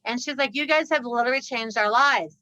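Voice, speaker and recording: A woman guest on a podcast, telling a story with lively laughter and acting out the people in it. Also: high-pitched, fairly quick, dry recording, dull audio. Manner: laughs often, acts out the people in her story. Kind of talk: animated storytelling.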